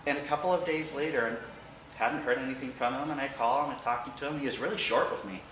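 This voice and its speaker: A man giving an emotional personal remembrance of his late father to a church congregation, halting at times but with wry humor. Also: medium pitch, fairly bright tone, recorded from a distance, slight background noise. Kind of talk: personal storytelling speech. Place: large church hall. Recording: echoey hall, picked up from afar.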